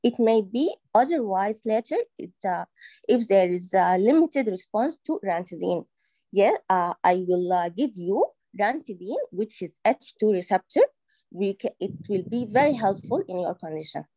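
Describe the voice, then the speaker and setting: A woman candidate role-playing a doctor advising a patient in a medical English exam practice, speaking in a hurried way with many fillers. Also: mid-range voice, lively intonation, warm tone, dry recording. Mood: professional.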